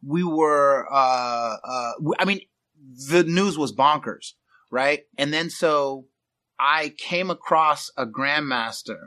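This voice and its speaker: A middle-aged man from the Bay Area, a podcast guest telling stories in a casual, animated way, acting out quoted voices and laughing often. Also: fairly high pitch, slow pace. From San Francisco Bay Area. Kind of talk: casual storytelling.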